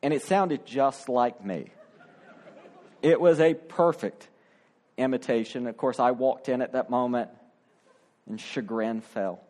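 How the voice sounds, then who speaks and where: A man's voice: mid-range voice, a little slow, long pauses, a little mellow. A middle-aged male pastor preaching a sermon, acting out the quoted voices with drama.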